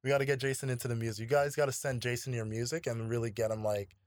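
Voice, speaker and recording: Male podcast host, relaxed and slangy, mid-range voice, dry close mic. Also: medium pitch, fast talker, dry recording. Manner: laid-back, slangy, profane. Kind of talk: casual podcast chat.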